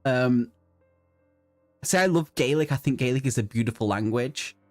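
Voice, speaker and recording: A man's voice: medium pitch, normal speed, darkish tone, soft background music. A man hosting a casual book livestream, playful and giggly, slipping into silly voices. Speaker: book channel host.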